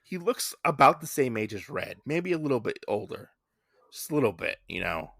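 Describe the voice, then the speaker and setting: A man's voice: medium pitch, big pitch swings, normal speed, vocal fry, a bit bright, breathy edge, no room sound, studio quality. A man co-hosting a casual podcast, chatting in a rambling way with many fillers. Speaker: podcast co-host. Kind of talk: casual chat.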